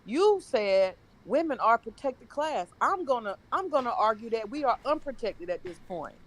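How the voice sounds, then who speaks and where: A woman's voice: fairly high pitch, very animated, moderate pace, poor audio. Emphatic woman arguing her point. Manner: argumentative, emphatic. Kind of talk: casual panel chat.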